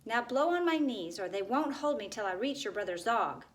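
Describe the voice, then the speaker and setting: A woman's voice: fairly high pitch, expressive, normal speed, lightly acted. A woman voicing a determined young girl speaking earnestly. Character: brave young girl Dakin climbing.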